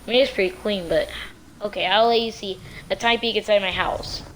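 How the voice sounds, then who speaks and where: A woman casually telling a true story on her vlog in a rambling, slangy, animated way. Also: medium pitch, a little fast, slight background noise.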